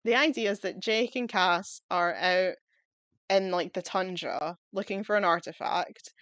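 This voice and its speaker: A woman's voice: fairly low pitch, measured pace, a bit bright, no echo. A woman chatting casually as she reviews TV episodes, enthusiastic and rambling, often breaking into laughter. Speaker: video reviewer.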